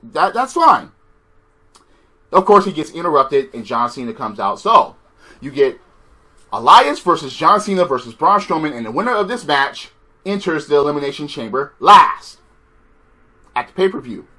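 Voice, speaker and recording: Brief: high-voiced, bright-toned man, sarcastic and cursing, ranting a wrestling review. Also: big pitch swings, normal speed, long pauses. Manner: profane, exasperated and sarcastic.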